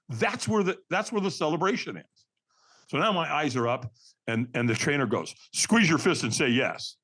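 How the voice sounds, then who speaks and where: A man's voice: a little high, expressive, moderate pace, a bit bright, husky. A man on a podcast telling a story, acting out quotes in shifting voices and calling the host Doc. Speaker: podcast guest, firewalking instructor. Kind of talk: animated storytelling.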